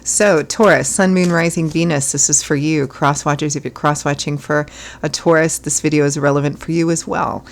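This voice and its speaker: A hoarse woman from Ireland giving a chatty tarot reading, rambling with fillers and clearing her throat often. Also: sits low, steady tone, moderate pace. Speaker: tarot reader. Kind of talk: casual tarot reading talk.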